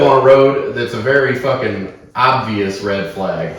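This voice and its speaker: A man from Oklahoma, co-hosting a podcast and telling a story in a casual, animated, profane way. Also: mid-range voice, normal speed, few pauses. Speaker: podcast co-host. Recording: echoey room, mic at a distance.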